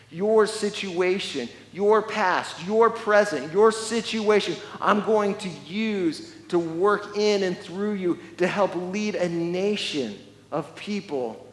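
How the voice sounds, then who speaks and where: High-voiced male pastor in an echoing hall. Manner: emphatic preaching with repeated words and restarts. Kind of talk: sermon. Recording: long echoey church hall reverb.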